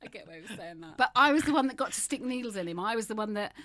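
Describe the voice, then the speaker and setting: A woman's voice: medium pitch, expressive, rapid-fire, fairly bright tone, dry recording, studio quality. A woman in her fifties, a guest in an interview, speaking frankly and emphatically with wry humor. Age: 50s. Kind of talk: candid interview conversation.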